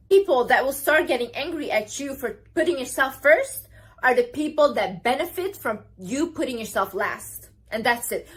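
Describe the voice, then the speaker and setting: A woman's voice: on the high side, husky. A woman in her twenties giving casual motivational advice to camera, emphatic and sassy, repeating words for emphasis. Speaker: self-help vlogger.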